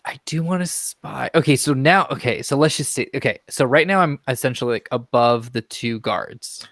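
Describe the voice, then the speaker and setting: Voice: mid-range voice, normal speed, fairly bright tone, dry recording, studio quality. A player in a tabletop game, talking casually and hesitantly.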